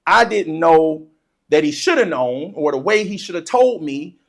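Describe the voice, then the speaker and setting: An animated storyteller telling a funny childhood story, laughing often and acting out the excitement in casual, informal speech. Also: medium pitch, measured pace. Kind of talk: comedic personal storytelling.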